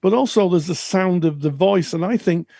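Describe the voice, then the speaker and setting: A man co-hosting a counselling podcast, speaking thoughtfully with frequent pauses and restarts. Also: high-pitched, creaky, mellow, no echo, studio quality. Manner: thoughtful, halting with many restarts. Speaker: podcast co-host. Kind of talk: casual chat.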